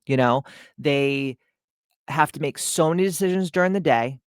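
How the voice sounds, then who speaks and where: A woman's voice: low voice, normal speed, clean tone, dry recording. Blunt, profane woman podcast host, dry sound. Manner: blunt, profane, animated storytelling. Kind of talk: casual motivational podcast monologue.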